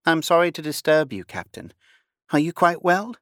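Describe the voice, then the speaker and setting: Haughty young English noblewoman, indignant and prim; male narrator puts her on, pitched high. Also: sing-song, moderate pace, fairly bright tone, dry recording, studio quality. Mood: apologetic. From England.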